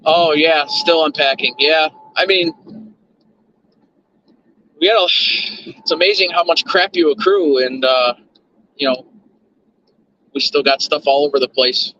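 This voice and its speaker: A man talks to his viewers from behind the wheel in a rambling, repeat-yourself way. His voice has a bright, forward edge. The sound is muffled, with a faint hum of road noise. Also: fairly high pitch, a little slow, pauses often. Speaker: livestream host. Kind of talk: casual chat while driving. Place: in a car.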